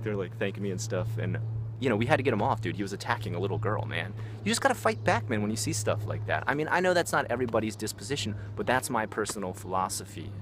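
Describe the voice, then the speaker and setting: A man's voice: fairly low pitch, background noise. A man vlogging in a loose, slangy way, swearing often and filling his talk with "like" and "man" as he tells stories. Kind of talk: casual storytelling.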